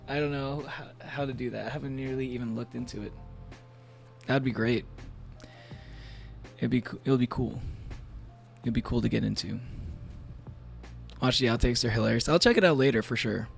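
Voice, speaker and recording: A man's voice: medium pitch, moderate pace, vocal fry, long pauses, faint music behind. A man streaming from home, chatting casually while he plays, rambling and laughing often between thoughts. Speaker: VTuber streamer. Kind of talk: casual live-stream chat while gaming.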